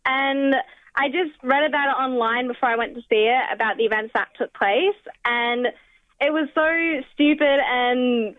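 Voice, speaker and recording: A woman's voice: high-pitched, normal speed, dry recording, narrow, tinny audio. A woman calling a radio show, talking in a blunt, dismissive way. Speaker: caller. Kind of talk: phone call to radio.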